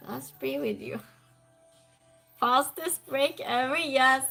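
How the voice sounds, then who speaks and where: A woman's voice: high-pitched, takes it slowly, gravelly, bright, forceful tone, soft background music. A woman hosting a trivia live stream in a casual chat style, reading viewer comments aloud and greeting viewers by name. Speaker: trivia night stream host.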